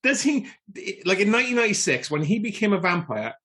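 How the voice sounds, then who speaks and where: A man co-hosting a podcast, chatting about a film in a wry, lively manner. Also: high voice, quick pace. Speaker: podcast co-host. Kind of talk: casual film-review chat.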